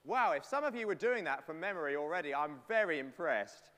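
A man's voice: fairly high pitch, lively intonation, a little fast, a bit bright. A man leading a playful, chatty sermon and talking with the congregation. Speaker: preacher. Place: church. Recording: long church reverb.

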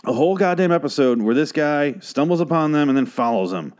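A man's voice: fairly high pitch, lively intonation, a little fast, darkish tone. A man losing his voice, rambling through a casual, profane and sarcastic recap of a TV episode as a podcast host.

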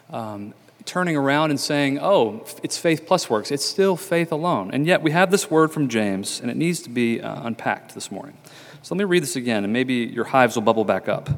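Male pastor, chatty sermon delivery, lots of ums, echoing church hall. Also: mid-range voice. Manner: conversational, many fillers and restarts. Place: church sanctuary.

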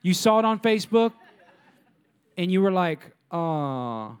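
A man's voice: high voice, fairly even intonation, moderate pace, smooth. A middle-aged male pastor preaching a sermon, full of rhetorical questions and mock voices of complainers.

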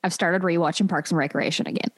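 A woman guest on a casual podcast, animated and laughing between remarks. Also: lowish voice, quick pace, slight background noise. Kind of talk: casual chat.

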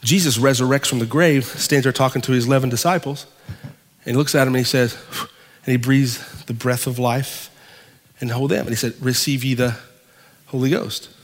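A male pastor preaching a sermon, with dramatic pauses and swings from loud to hushed. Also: mid-range voice, steady tone, in a large hall.

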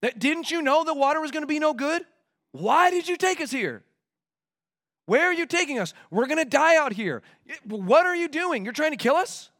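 A shrill, frantic grumbler from a desperate crowd, as a preacher puts him on, hurling accusations at his leader. His pitch shoots high, and every question comes out loud and jumpy. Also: sing-song, fairly quick, hardly any pauses. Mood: angry accusing. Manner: accusing, panicked complaining. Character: angry grumbling man in a thirsty crowd.

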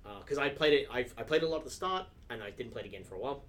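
A man's voice: mid-range voice, expressive, rapid-fire, fairly bright tone. A man co-hosting a casual podcast chat, rambling and swearing freely, with lots of filler words. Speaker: podcast co-host.

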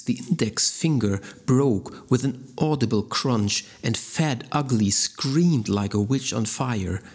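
Brief: measured male audiobook reader, slow, husky. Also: mid-range voice, a little mellow. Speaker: audiobook narrator. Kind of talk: audiobook narration.

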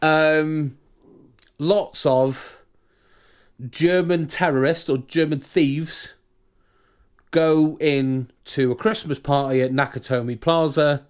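A man's voice: on the high side, fairly even intonation, takes it slowly, pauses often, clear, resonant tone. A British man co-hosting a podcast in casual chat, ranting and often restarting his sentences. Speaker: podcast co-host.

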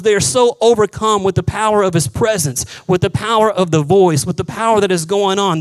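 A male pastor preaching a sermon, animated, acting out the voices of Bible figures and dropping to a hush for solemn moments. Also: sits high, rough recording. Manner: drops to a hushed voice for solemn moments.

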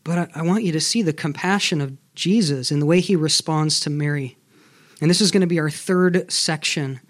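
High-voiced man preaching earnestly. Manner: earnest, emphatic preaching with rhetorical questions. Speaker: pastor. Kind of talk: sermon.

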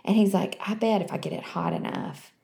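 A woman chatting casually and telling her story in an expressive way. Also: medium pitch, a little fast, gravelly. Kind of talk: casual chat.

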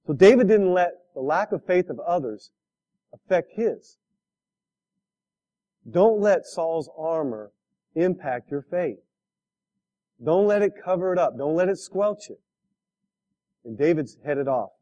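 A man's voice: on the high side, expressive, a little slow, pauses often, mellow. A man preaching a sermon, telling a story with laughs and asking the listeners direct questions. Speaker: pastor.

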